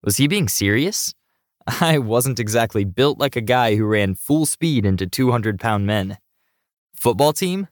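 Low-voiced male audiobook narrator. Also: expressive, unhurried, no echo, clean studio sound.

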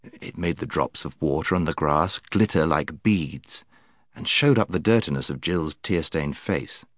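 A man narrating a children's storybook in a low, deep voice. His telling is measured and expressive, and the recording is dry and close with no room sound. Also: dry recording. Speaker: audiobook narrator. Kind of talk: scripted narration.

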